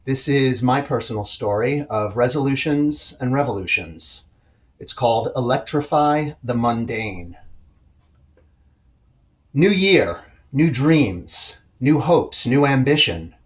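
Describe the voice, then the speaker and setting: A man from New York City performs slam poetry with a polished, rhythmic, confident delivery. His voice sits at an ordinary pitch for a man. He leans into the wordplay with steady momentum. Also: slow pace. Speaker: slam poet.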